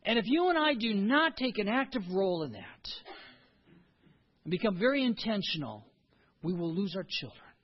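A man's voice: high voice, big pitch swings, moderate pace, slightly rough, muffled recording. A man preaching a sermon as a pastor, earnest and emphatic.

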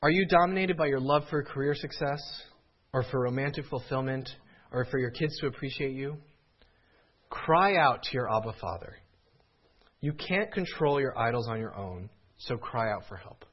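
Husky-voiced man preaching with lively pitch. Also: normal speed, highs cut off. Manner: earnest preaching, rising to pleading cries. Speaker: pastor. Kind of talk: sermon.

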